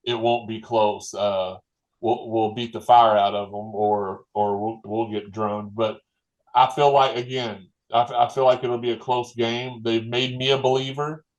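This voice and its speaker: Man, podcast guest; folksy, rambling, restarts his sentences, medium pitch. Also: level tone, a little slow, lo-fi sound. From Louisville, Kentucky. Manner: rambling, self-correcting, folksy. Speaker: guest fan commentator. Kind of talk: casual sports podcast chat.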